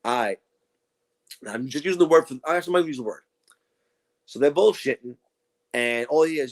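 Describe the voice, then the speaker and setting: Animated, profane man telling stories. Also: a little high, a little fast, long pauses. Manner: profane, animated storytelling with mocking quoted voices. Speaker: podcast co-host. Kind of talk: crude casual chat.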